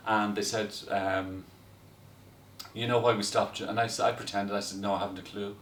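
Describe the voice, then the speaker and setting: A man tells a story in a lively, chatty way, with a lowish voice. He sounds a little distant from the mic in a roomy, echoey space with faint background noise. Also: moderate pace. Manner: lively storyteller, breaks into laughter. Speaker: guest telling stories. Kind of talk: casual anecdote.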